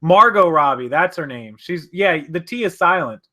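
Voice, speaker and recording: A man chats on a live stream from his home office, rambling loosely and correcting himself as he reads out comments. His voice is bright and forceful, sitting slightly above the usual male pitch. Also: lively intonation, moderate pace. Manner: rambling, chatty, self-correcting. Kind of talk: casual live-stream chat, reading viewer comments.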